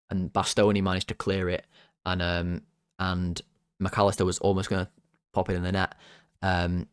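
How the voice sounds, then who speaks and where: A man's voice: fairly low pitch, no room sound, studio quality. A man hosting a fan channel, chatting casually through player ratings, joking and rambling off topic. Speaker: football fan channel host.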